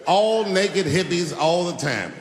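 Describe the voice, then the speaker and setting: Animated, profane male stand-up comic. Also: slow pace, in a large hall. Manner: animated, profane storytelling swinging from shouts to low mutters. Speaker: stand-up comedian. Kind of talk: stand-up comedy set.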